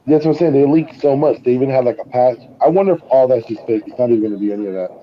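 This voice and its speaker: A man who talks fast and muses aloud in a casual sports podcast chat. His pitch is ordinary, and his audio comes through muffled and lo-fi.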